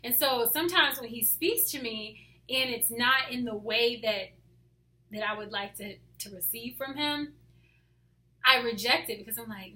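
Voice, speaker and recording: A woman talking casually about her faith, hyper and animated, often dropping to soft asides. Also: on the high side, normal speed. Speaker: faith vlogger. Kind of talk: casual devotional talk to camera.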